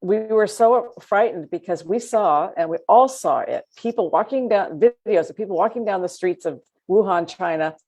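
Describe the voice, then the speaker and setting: A woman co-hosting a political talk show, chatting casually in an animated, sarcastic way and laughing as she talks. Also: medium pitch, normal speed, hardly any pauses.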